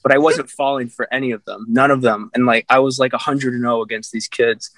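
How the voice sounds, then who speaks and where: A man's voice: medium pitch, steady tone, a little fast, a bit bright, no room sound. Young man, casual chat, rambling storyteller, dry close sound. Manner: rambling storyteller, laughs at himself.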